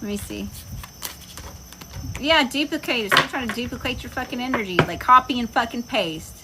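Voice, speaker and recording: A woman's voice: on the high side, moderate pace, very noisy. A woman giving a casual tarot reading, talking bluntly and emphatically with plenty of profanity. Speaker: tarot reader. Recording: insects and crickets chirping behind.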